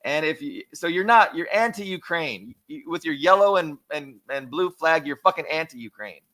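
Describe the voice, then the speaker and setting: A man's voice: on the high side, sing-song, normal speed, pushed and bright. Heated, swearing male podcast guest. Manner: heated, profane, repetitive. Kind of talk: political podcast rant.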